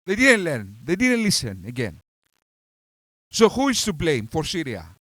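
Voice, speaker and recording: A man hosting a reaction commentary, talking with heated scorn and insults and swinging between outbursts and calmer stretches. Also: fairly high pitch, unhurried, dry recording. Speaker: commentary channel host.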